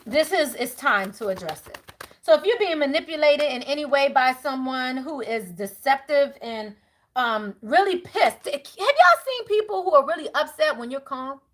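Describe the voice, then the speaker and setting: A middle-aged woman giving a live tarot reading to viewers, animated and preachy, casual and outspoken, dropping to a hush when she prays. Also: high voice, normal speed. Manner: animated, preachy, swinging from loud to hushed prayer; casual, outspoken, swears freely. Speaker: tarot reader.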